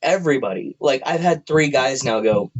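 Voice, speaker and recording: In casual chat from a room at home, a male podcast co-host rambles, jokes, laughs frequently, and goes deep-voiced for stories. He's expressive and speaks at normal speed, but the audio is dull.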